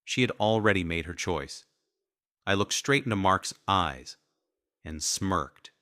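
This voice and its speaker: Casting: deep, slow, cold male storyteller, bright dry read. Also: animated, no echo. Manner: cold menacing. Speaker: narrator. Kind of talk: scripted first-person story narration.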